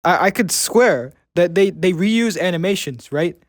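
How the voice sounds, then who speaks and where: A man's voice: high voice, lively intonation, measured pace, no echo, studio quality. A young man in casual chat who stammers and repeats his words often. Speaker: student show panelist.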